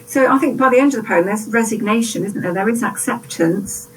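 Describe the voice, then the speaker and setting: A woman's voice: a little high, brisk, recorded from a distance, slight background noise, poor audio. Woman, poetry discussion, reflective, tag questions, set back from the mic. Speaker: teacher.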